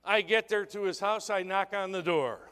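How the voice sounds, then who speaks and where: High-voiced man speaking in a reverberant hall. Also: moderate pace, fairly bright tone, slight background noise. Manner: punchy rhetorical questions to the audience. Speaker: sales seminar speaker. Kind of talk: motivational sales talk to an audience. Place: conference hall. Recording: long reverb in a large hall.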